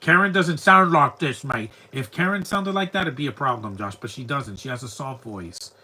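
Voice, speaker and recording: A man's voice: medium pitch, moderate pace, sharp tone, poor audio. A man giving live, rambling commentary over a movie, talking back at the screen bluntly and often stumbling over repeated words. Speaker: film commentator.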